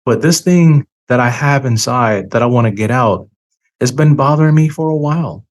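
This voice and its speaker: A man hosting a finance channel, talking in an opinionated monologue and leaning hard on key words, a little tired. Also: medium pitch. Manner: emphatic, drawn-out stresses on key words.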